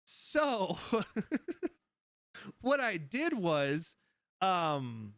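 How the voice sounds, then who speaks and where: A man's voice: on the high side, sing-song, extremely slow, long pauses, fairly bright tone, no echo, clean studio sound. Chatty laughing man live-streaming. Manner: rambling storyteller, laughs often, answers chat. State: high. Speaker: livestream host. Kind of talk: casual live-stream chat.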